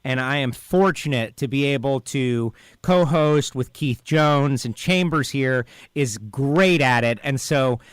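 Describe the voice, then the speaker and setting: A man's voice: medium pitch, measured pace, hardly any pauses, clean tone, dry recording. A man hosting a podcast interview, talking in an upbeat, enthusiastic way and playfully teasing his co-host.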